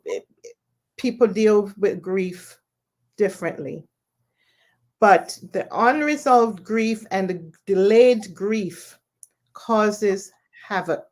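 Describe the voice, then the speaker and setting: A woman guest explaining grief in a measured way, often checking in with the listener. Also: mid-range voice, a little mellow. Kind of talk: explanatory conversation.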